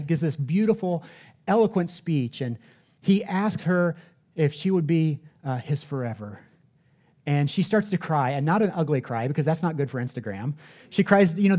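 Mellow-voiced male pastor preaching. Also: high-pitched. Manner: conversational storytelling with rhetorical questions. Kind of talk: sermon. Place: church sanctuary.

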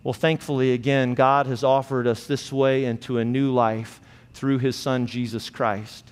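A male pastor delivers an earnest, measured sermon with a mid-range voice. His words hang in the long reverb of a church sanctuary. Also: medium pitch, little pitch movement, clear, resonant tone. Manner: earnest, measured, slows for emphasis.

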